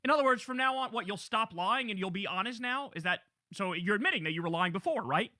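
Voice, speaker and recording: High bright mocking male commentator. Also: animated, fast talker, no echo, clean studio sound. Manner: mocking, laughs often, swears freely. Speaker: show host reacting to clips. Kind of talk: profane reaction commentary.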